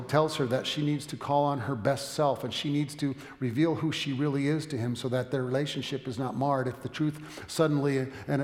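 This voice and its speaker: A male pastor delivers a sermon with a story, his gravelly voice swinging from loud emphasis to hushed whispers. His pitch sits in an ordinary middle range. A large, echoey sanctuary gives each phrase a long reverb tail.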